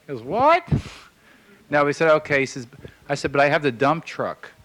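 A man telling a long personal story in a casual, halting way, with many fillers, acting out the voices of the people in it. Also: fairly high pitch, fairly bright tone, low-quality recording. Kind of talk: casual spoken anecdote.

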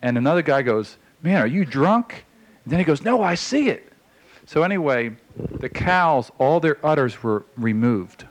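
A man telling a long personal story in a casual, halting way, with many fillers, acting out the voices of the people in it. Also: mid-range voice, lively intonation, rough recording. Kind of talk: casual spoken anecdote.

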